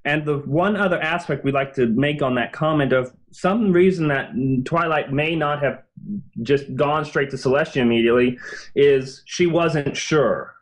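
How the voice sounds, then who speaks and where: A man's voice: fairly high pitch, normal speed. A man, a guest author in a casual podcast interview, explaining his reasoning in an earnest, think-aloud way.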